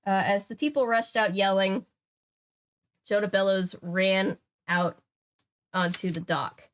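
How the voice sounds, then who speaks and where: A woman's voice: medium pitch, fairly even intonation, measured pace, slight background noise. A young woman reading a kids' mystery book aloud, breaking off for chatty, jokey asides. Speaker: channel host. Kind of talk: casual reading aloud with commentary.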